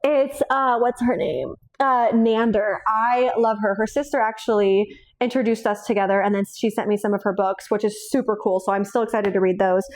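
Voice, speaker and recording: Talking informally about her books, a young book vlogger rambles, laughs often, and swears freely, all while sounding shaky and teary. She speaks at normal speed in a medium pitch with fairly even intonation.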